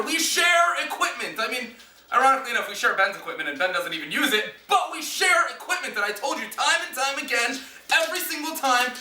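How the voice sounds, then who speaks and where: A woman's voice: high-pitched, sharp tone. An American woman vlogger with an exasperated, emphatic and sarcastic manner, ranting straight at the camera. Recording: roomy echo, distant from mic.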